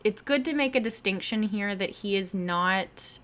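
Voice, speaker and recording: A woman's voice: medium pitch, normal speed, fairly bright tone. A woman hosting a political commentary show, opinionated and talking straight to her listeners. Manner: opinionated, direct asides to listeners. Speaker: podcast host.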